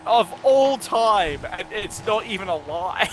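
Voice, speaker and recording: A man's voice: high voice, expressive, takes it slowly, fairly bright tone. A young man who tells a rambling, sweary story while gaming with friends. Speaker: streamer and gamer.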